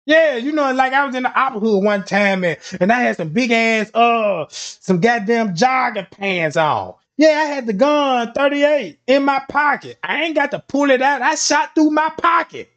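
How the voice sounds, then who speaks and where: A man's voice: very high voice, animated, moderate pace, fairly bright tone. A young man talking casually in a profane, rambling way, telling street stories on a live stream and often repeating his catchphrases. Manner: profane, rambling, repeats "you know what I'm talking about". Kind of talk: casual street storytelling monologue.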